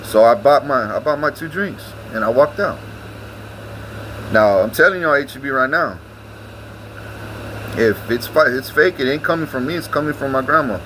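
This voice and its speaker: A man's voice: medium pitch, expressive, moderate pace, pauses often, bright, forceful tone, a little hiss or hum, low-quality recording. A man, ranting casually to his vlog audience, swearing often and repeating himself. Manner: profane, rambling, repeats himself. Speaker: vlogger.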